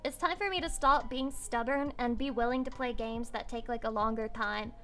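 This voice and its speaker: A woman livestreamer chatting casually with her viewers, excitable and swearing freely. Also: fairly high pitch, normal speed, faint music behind. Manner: excitable and swearing, with squeals and laughs.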